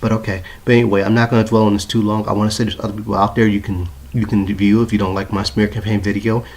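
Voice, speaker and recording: A man's voice: on the low side, little pitch movement, quick pace, darkish tone. A man venting in an aggrieved, repetitive way to his phone in his apartment room, swearing as he talks. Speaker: vlogger. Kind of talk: ranting phone video to viewers. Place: apartment bedroom. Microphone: handheld phone.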